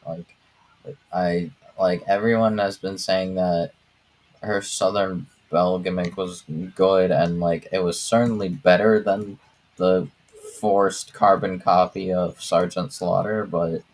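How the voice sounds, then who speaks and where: A man's voice: low voice, steady tone, takes it slowly, darkish tone, rough recording. A man co-hosting a wrestling watch-along podcast, talking casually and hesitantly with many fillers and restarts. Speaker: podcast co-host.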